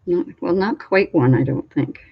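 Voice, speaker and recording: A woman from Canada, hosting a crafting channel, chatting in a meandering way with a slight frog in her throat that she keeps clearing. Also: fairly low pitch, moderate pace. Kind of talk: casual rambling chat. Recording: dull lo-fi recording.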